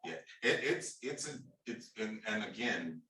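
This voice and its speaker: A man's voice: lowish voice, lively intonation, measured pace, pushed and bright. A man hosting a panel, affirming others and often restarting his sentences. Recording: roomy, distant audio.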